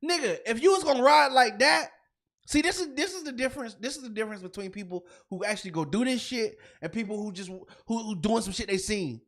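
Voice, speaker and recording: A man's voice: very high-pitched, expressive, fairly quick, fairly bright tone. A man co-hosting a comedy podcast, ranting in a heated, profane way and repeating himself when fired up. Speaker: podcast co-host.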